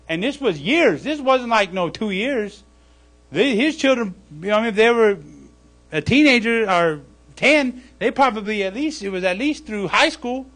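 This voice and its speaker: A man preaching a sermon in a conversational way, often checking in with "okay?" and "right?" and acting out mocking voices. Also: sits high. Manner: acts out mocking voices loudly. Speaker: pastor. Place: church service.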